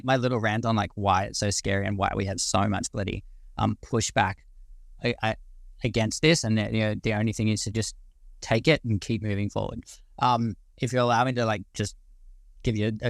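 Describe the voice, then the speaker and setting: A man's voice: on the low side, creaky, no room sound. Aussie guy in his 40s going on a passionate rambly rant, swears a bit, dry sound. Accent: Australian. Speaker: guest speaker. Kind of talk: casual live audio-room discussion.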